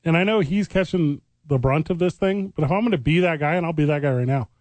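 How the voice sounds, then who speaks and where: A man with a Boston accent co-hosting a sports radio show, talking in wry, joking banter with quick asides. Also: fairly high pitch, darkish tone, no room sound. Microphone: studio microphone.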